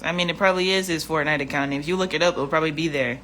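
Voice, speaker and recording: Woman vlogger, bright forceful tone, blunt and profane. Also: low-pitched, fairly even intonation, rapid-fire, a little hiss or hum. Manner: blunt and profane, exasperated, repeats herself. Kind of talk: casual livestream rant.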